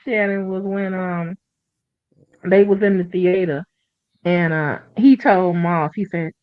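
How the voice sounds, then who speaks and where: A woman's voice: lowish voice, steady tone, slow pace, clear, resonant tone, no echo. A woman chatting casually on a talk show, telling stories in a rambling way and acting out what people said. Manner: rambling storyteller who acts out quotes. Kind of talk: casual chat. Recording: dry, dull lo-fi sound.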